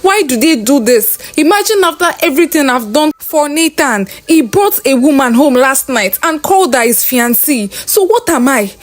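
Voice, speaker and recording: A woman's voice: high voice, lively intonation, moderate pace, few pauses, pitched above the performer's own voice. A woman voicing a heartbroken young housemaid who pleads through tears. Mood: tearful. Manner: pleading, tearful.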